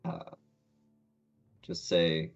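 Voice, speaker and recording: A man playing a tabletop game, narrating his character in a halting, thoughtful way, on muffled audio with faint music. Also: low-pitched, sing-song, creaky.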